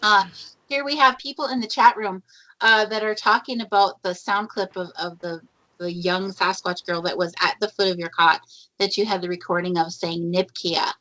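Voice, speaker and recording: Bright-voiced woman radio host from Minnesota. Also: mid-range voice, normal speed, poor audio. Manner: lively storyteller who laughs often. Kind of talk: casual radio interview.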